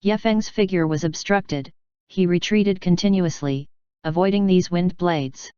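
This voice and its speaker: A woman reads a fantasy novel aloud in a steady, even narration with a low, very smooth and resonant voice. She sounds close and dry, with the highs slightly dulled. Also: unhurried, no room sound, lo-fi sound. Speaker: audiobook narrator.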